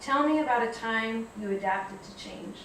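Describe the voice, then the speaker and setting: A woman with a slightly high voice gives a reflective, measured public talk, moving easily into storytelling. She is heard from a distance in a very echoey hall, with faint room noise behind her. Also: a bit bright. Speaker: guest speaker. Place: lecture hall.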